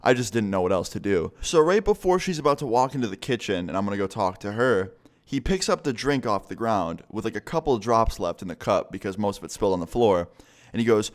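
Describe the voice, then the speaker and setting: A man's voice: lowish voice, fairly quick. A man telling a story-time vlog in a casual, rambling way, swearing often. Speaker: vlogger.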